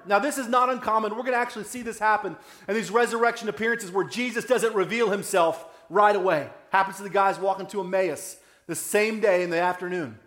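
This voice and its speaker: The sound is roomy as a man preaches a conversational sermon. As pastor, he frequently asks "right?" and lowers his voice softly when things turn emotional.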